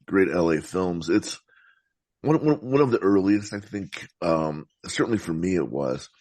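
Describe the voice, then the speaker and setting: Deep-voiced guy on a podcast, dry sound, musing slowly with lots of false starts. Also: expressive, darkish tone, no echo. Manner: thoughtful, meandering, halting with restarts. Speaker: podcast guest, film critic. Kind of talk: casual film discussion.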